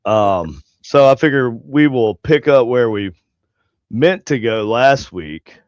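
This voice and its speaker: A man's voice: medium pitch, animated, slow pace, no room sound. A man hosting a casual paranormal podcast, talking in a joking, offhand way. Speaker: podcast host. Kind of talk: casual chat. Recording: dull lo-fi podcast audio.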